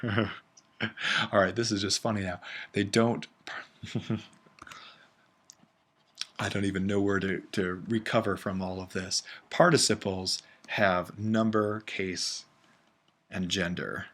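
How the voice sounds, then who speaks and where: A man's voice: on the low side, fairly even intonation, takes it slowly, long pauses, fairly bright tone. A man teaching a recorded language lesson, thinking aloud with many fillers and self-corrections. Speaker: Greek instructor. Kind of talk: casual recorded lecture.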